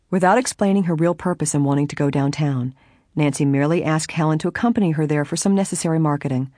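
Steady audiobook narrator, dry sound. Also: mid-range voice, quick pace, dry recording. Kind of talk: scripted narration.

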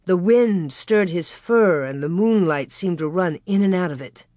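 A woman reading a children's story aloud in a slow, gentle narration. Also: lowish voice, expressive, no room sound. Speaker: reader.

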